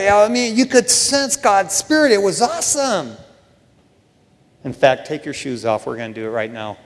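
A man preaching a sermon in a casual, joking way, often saying "man", swinging between hushed asides and loud bursts. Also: high-pitched, normal speed. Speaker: pastor. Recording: long hall reverb.

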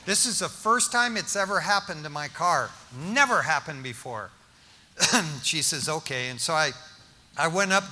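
A man's voice: sits high, pushed and bright. An older man preaching, telling a personal story with jokes, restarts and acted-out dialogue. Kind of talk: storytelling sermon testimony. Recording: long reverb of a large hall.

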